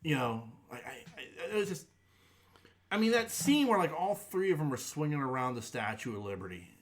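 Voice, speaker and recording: A man co-hosting a podcast in casual chat, halting with many repeated starts. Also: on the high side, sing-song. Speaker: podcast co-host.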